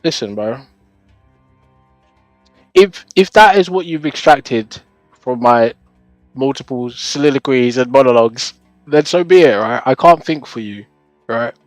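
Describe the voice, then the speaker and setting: A man's voice: mid-range voice, animated, measured pace, long pauses, no room sound, faint music behind. A young man on a live stream, chatting casually to his viewers. He laughs often, swears, and keeps tagging his points with "right?". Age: young adult.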